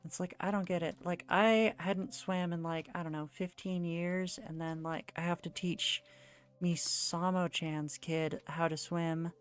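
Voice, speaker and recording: Chatty woman streamer, low voice. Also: steady tone, a little slow. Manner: rambling, storytelling with many "like" fillers. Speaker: art streamer. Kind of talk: casual chat while drawing.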